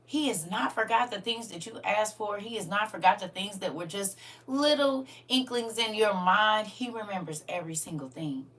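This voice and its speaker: Older woman, livestream host, bright voice, laughing and emotional, slightly distant mic. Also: mid-range voice, moderate pace, few pauses. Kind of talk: casual livestream chat.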